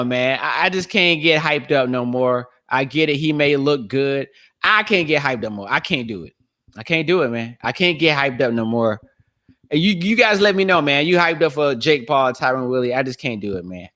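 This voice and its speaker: A man hosting a casual solo podcast, talking loosely in slang, repeating himself and laughing, his voice a little worn from shouting. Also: mid-range voice. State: losing his voice. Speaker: podcast host.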